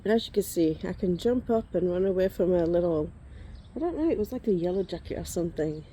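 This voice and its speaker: A woman's voice: on the low side, lively intonation, quick pace, warm tone, a little hiss or hum. A woman in her forties chatting casually outdoors as a vlogger, rambling and breaking off to shoo insects. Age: 40s. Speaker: vlogger showing reborn dolls. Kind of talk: casual chat. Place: outdoors in the sun.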